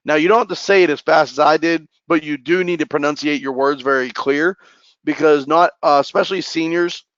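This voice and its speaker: A man running a sales training session and role-playing calls, talking in a quick, energetic way. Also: fairly high pitch, no room sound. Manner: energetic, fast-talking, caffeinated. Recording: muffled lo-fi dry recording.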